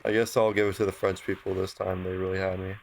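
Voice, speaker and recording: Podcast co-host, male, low-pitched, easygoing, hesitant film chat. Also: flat delivery, quick pace. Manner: easygoing, hesitant, swears casually. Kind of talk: casual film review chat.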